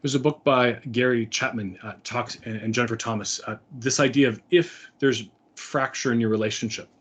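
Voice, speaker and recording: A man's voice: medium pitch, steady tone, normal speed, a bit bright, slightly rough. A middle-aged man giving an earnest, conversational talk to parents, with frequent fillers and restarts. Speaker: speaker.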